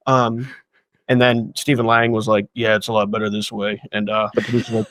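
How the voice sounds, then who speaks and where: A man's voice: medium pitch, steady tone, a bit bright, dry recording. A man telling stories from making his films in casual, profane talk, acting out the people he quotes. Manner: fast, profane, acts out quotes of others. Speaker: guest filmmaker. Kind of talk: casual anecdotal storytelling.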